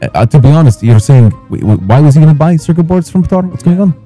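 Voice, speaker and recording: A man's voice: fairly high pitch, expressive, fast talker, dark tone, faint music behind. A man in a crime-city roleplay, placating and incredulous as he questions a business partner over the phone. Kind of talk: in-character phone negotiation.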